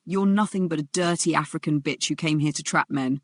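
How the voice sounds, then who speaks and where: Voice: medium pitch, a little fast, no room sound, natural voice. A narrator voicing a drunk, raging young man who slurs and shrieks his threats, in a narrated drama story. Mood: drunk sneering.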